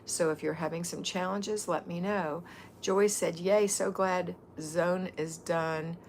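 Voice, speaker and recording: A woman's voice: lowish voice, steady tone, takes it slowly, slight background noise. A middle-aged woman hosting a casual livestream, chatting and greeting viewers by name as a home-organizing mentor.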